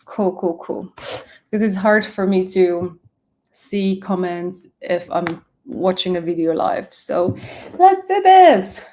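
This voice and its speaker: A woman's voice: on the low side, level tone, slow, a little mellow. Chatty Slovak woman hosting a live stream. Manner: rambling and chatty, greets viewers by name, many fillers. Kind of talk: casual live-stream chat.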